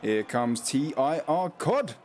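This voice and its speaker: A man's voice: mid-range voice, very animated, slow, darkish tone. A man commentates a sim race on his stream, and his voice rises and falls a lot. He can't quite say his R's, jokes often and keeps reading the chat aloud, with faint background noise behind him. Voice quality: does not pronounce his R's properly. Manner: jokey, laughs often, reads out chat. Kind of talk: casual sim racing commentary.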